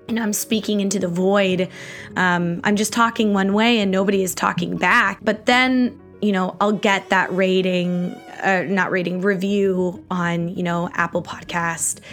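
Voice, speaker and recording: A woman hosting a history podcast, chatting in a rambling, gushing and heartfelt way during a live recording. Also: mid-range voice. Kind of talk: casual live podcast chat.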